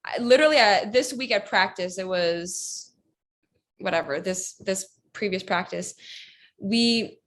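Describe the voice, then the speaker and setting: A woman's voice: medium pitch, measured pace. A woman in her twenties, a pro athlete guest, chatting casually with laughs and some hesitation. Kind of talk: casual interview chat.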